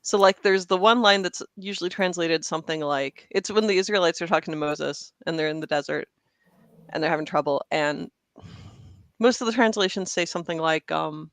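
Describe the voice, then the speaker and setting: A speaker in a casual group discussion, animated and explanatory, laughing easily. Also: mid-range voice, a little fast, no echo. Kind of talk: casual group video chat.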